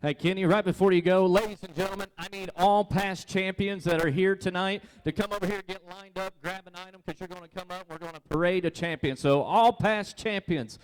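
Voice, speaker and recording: A man's voice: sits high, a little fast, hardly any pauses, slight background noise. Emcee man echoing through a hall. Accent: Midwestern American. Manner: upbeat crowd-rallying. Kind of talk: event announcing.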